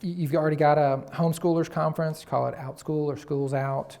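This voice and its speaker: Man, gravelly voice, energetic marketing pitch, presentation talk. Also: brisk. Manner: energetic, pitching ideas with wordplay. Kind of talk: presentation to local business audience.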